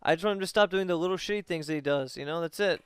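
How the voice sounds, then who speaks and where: A man's voice: on the high side, rapid-fire, clean tone, no room sound. A young man on a casual livestream, talking in a rambling, profane way with lots of fillers.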